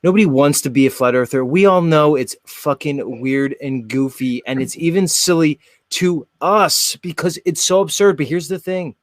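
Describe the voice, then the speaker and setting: Blunt, high-voiced man hosting a heated debate. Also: normal speed, hardly any pauses, no echo, studio quality. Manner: blunt and combative, swears freely. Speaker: show host.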